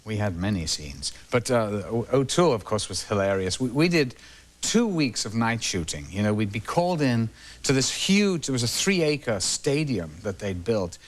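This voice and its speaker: A man, a talk show guest telling lively anecdotes and trailing off between phrases. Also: mid-range voice. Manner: animated, trails off, acts out the people he quotes. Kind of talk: anecdotal storytelling.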